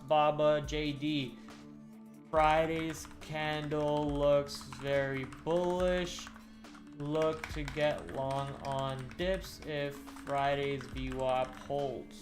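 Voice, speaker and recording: A man hosting a stock trading livestream, chatting casually to his viewers and slowly dictating notes on trades as he types. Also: fairly high pitch. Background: faint background music.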